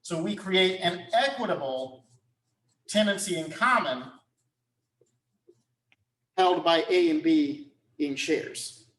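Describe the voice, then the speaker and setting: A male law lecturer talks slowly and deliberately, in a slightly higher register than most men. He keeps pausing to ask if the point landed and repeats himself to drive it home. The sound is roomy and echoey. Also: expressive, a bit bright. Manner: checks understanding often, repeats phrases.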